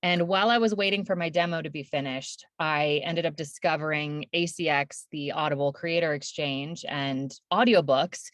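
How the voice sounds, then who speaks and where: A woman audiobook narrator speaks in a fairly low voice, recorded close and dry with no room sound. She chats easily and laughs often as she talks about her work. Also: normal speed, hardly any pauses, no room sound. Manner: laughs often, chatty and relaxed. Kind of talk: casual interview chat.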